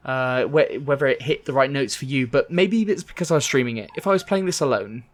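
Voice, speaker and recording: A man talking casually on a gaming podcast. He is frank and hesitant, stumbling through restarts and fillers. His voice sits at a middle pitch. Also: a little fast. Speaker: podcast co-host.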